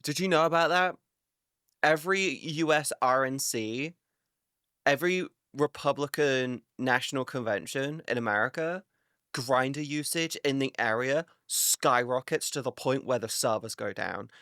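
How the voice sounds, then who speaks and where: A woman's voice: a bass voice, measured pace, a bit bright, no room sound, clean studio sound. A woman streamer in a casual live chat with her viewers, ranting animatedly, swearing a lot and laughing often.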